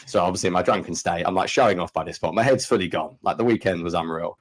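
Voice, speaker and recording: A man in his thirties with a London English accent, co-hosting a podcast and telling stories in a fast, animated way. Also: sits low. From England. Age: 30s. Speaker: podcast co-host. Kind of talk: casual chat.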